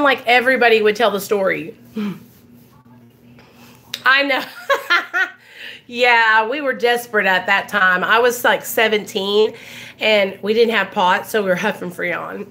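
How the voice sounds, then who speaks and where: A woman's voice: on the high side, measured pace, bright, forceful tone. A woman in her twenties telling loose, candid stories to camera at home, laughing often and filling her talk with "like". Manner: coughs now and then. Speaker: vlogger. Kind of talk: casual storytelling to camera.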